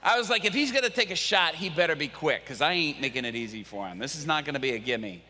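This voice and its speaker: A male pastor preaching, telling a story with lively acted-out quotes. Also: a little high, fast talker, slight background noise. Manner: animated, acts out quoted voices. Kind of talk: sermon storytelling. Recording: echoey hall.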